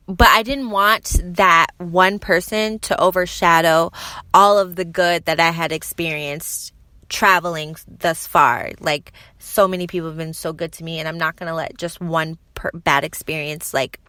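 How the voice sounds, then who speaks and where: Chatty young mom podcaster, bright voice. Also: female voice, lowish voice, a little slow, clean tone, dry recording. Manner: chatty, lots of fillers, animated when quoting people. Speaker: podcast host. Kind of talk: casual solo podcast chat.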